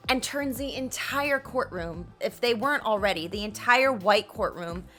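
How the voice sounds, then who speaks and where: A woman's voice: medium pitch, animated, normal speed, pushed and bright, faint music behind. A woman hosting a casual, chatty history retelling, swearing freely and acting out each character's lines. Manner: chatty and profane, acts out every character's lines. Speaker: storytelling video host.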